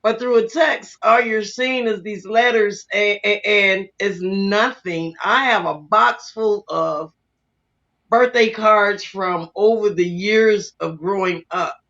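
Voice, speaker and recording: A woman's voice: mid-range voice, takes it slowly, fairly bright tone. An older woman hosting a casual talk show, folksy and teasing with her guests. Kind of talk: casual chat. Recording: dull lo-fi sound.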